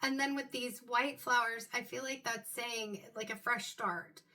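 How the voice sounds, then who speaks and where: A woman giving an intuitive tarot reading to her viewers, talking in a loose, musing way and filling pauses with "um" and "like". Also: a little high, fairly even intonation, bright, forceful tone. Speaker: tarot card reader.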